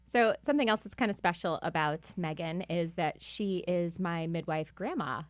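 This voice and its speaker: A woman's voice: on the low side, normal speed, no echo. A woman, a midwife co-hosting a podcast, chatting and telling stories in a casual way.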